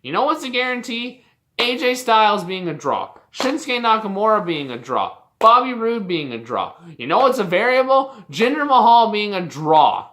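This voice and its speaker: A young adult vlogger from Canada rants in a loose, unscripted way, swearing freely and sounding exasperated. The voice is bright and forward, at a middling pitch. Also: very animated, normal speed. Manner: heated, profane, exasperated ranting. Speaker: wrestling commentary vlogger. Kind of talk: casual opinion rant.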